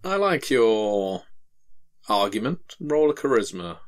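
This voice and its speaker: Low-voiced male game master. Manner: calm, measured narration. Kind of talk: narrating a tabletop game.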